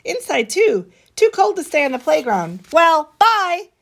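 A woman's voice: very high voice, sing-song, a little slow, creaky, voice pushed up, heavily acted. A woman voicing a shy young schoolgirl in a storybook reading. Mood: chilly.

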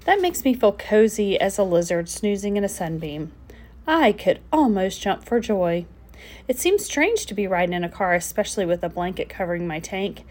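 A woman narrating a children's storybook aloud in the first person of a frog, with gentle, expressive storytelling. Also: mid-range voice, moderate pace.

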